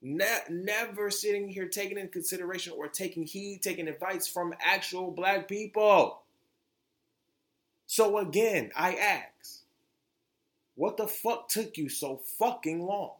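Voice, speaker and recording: A man's voice: sits high, measured pace, fairly bright tone. A young man hosting his own podcast, talking bluntly and with lots of profanity, often restarting his sentences. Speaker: podcast host. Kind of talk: opinionated solo podcast talk.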